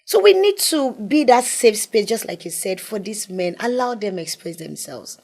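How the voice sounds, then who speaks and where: A woman's voice: medium pitch, big pitch swings, normal speed. Earnest woman on mental health. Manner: earnest, emphatic, drops to soft tones. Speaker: guest, mental health advocate. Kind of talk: conversational interview.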